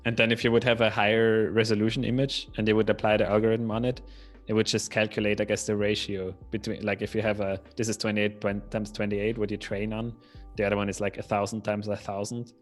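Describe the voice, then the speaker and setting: A young man with a low, quite flat voice works through a technical idea on a live stream. He reasons tentatively, hedging as he goes. Faint music sits in the background. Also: quick pace. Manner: reasons aloud, tentative and questioning. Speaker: co-host. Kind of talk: casual live-stream chat.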